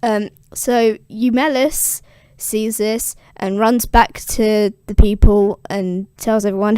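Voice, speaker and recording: A woman's voice: mid-range voice, steady tone, slow pace, few pauses, dark tone, clean tone, dry recording, clean studio sound. A young woman giving a casual, slangy, irreverent summary of a classical epic, with frequent swearing. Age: young adult. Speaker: classics explainer. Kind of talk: casual video explainer.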